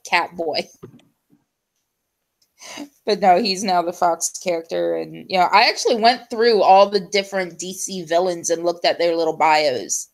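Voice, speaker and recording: Chatty woman host, lots of ums. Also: on the low side. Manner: chatty, full of ums and trailing pauses. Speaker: show host. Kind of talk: casual chat.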